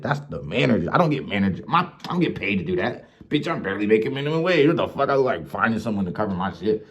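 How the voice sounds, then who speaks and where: A young man from Ohio vlogging, telling profane, animated stories about his life and acting out the people in them. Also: on the low side, fast, few pauses. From Mansfield, Ohio. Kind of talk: casual storytelling rant. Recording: dull lo-fi recording.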